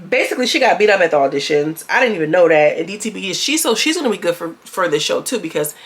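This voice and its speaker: A woman's voice: fairly low pitch, big pitch swings, quick pace. A young woman chatting casually as she recaps a reality TV episode, candid and swearing freely, acting out lines from the cast.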